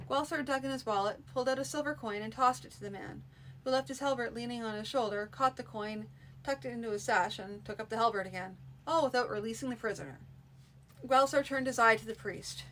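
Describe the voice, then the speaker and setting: Brief: female storybook reader, steady, informal live-stream reading. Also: fairly high pitch, brisk, a little hiss or hum, poor audio. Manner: steady reading with frequent restarts. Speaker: narrator.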